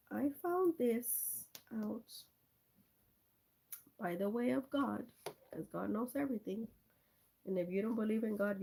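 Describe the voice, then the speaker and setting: A woman talks slowly through a rambling, chatty story on a live stream, speaking straight to viewers by name. Her voice is dark and mellow with a gravelly edge, picked up on a cell phone. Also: mid-range voice, a little hiss or hum. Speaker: livestream host.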